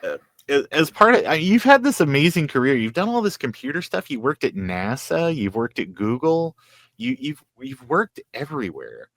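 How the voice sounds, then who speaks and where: A man hosting a casual interview, his pitch swinging widely as he chats. He tosses in joking asides and quick laughs, heard in a dry, close recording. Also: huge pitch swings, creaky, a bit bright, dry recording. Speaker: interview host.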